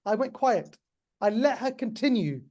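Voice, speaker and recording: A man's voice: extremely high pitch, animated, moderate pace, darkish tone. A middle-aged man teaching pharmacists in an online webinar, chatty and repetitive, speaking straight to his class. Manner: chatty, repeats himself, addresses the class directly.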